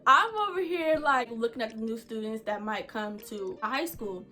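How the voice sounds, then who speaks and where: A woman vlogger telling a casual storytime, animated and chatty, full of slang and asides to viewers. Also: fairly high pitch, moderate pace.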